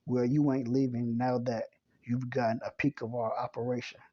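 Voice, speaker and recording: A man's voice: mid-range voice, little pitch movement, moderate pace, darkish tone, lo-fi sound, close to an everyday voice. A man voicing a boastful male robot thug in a football uniform, read in his own plain voice. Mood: taunting. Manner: read plainly, no real voice put on.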